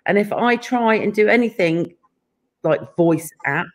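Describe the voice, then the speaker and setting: A woman's voice: medium pitch, expressive, unhurried. An English woman hosting a casual author interview, chatty and laughing often. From England. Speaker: podcast host interviewing an author. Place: California home.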